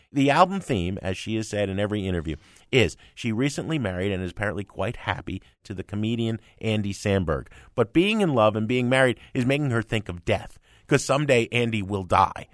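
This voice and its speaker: A man's voice: on the low side, lively intonation, normal speed, no room sound, clean studio sound. A man co-hosting a radio music-review show, who argues his opinions emphatically and with sarcasm. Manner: emphatic and sarcastic, with sweeping swings of inflection. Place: radio studio. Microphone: close studio mic.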